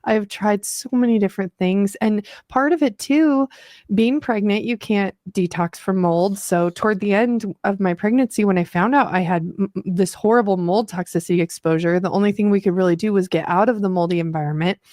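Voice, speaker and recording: A woman's voice: mid-range voice, a little fast, a little mellow, dry recording, studio quality. A woman co-hosting, telling her story casually and directly to viewers, with many filler words. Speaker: co-host sharing her health journey. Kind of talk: casual personal talk.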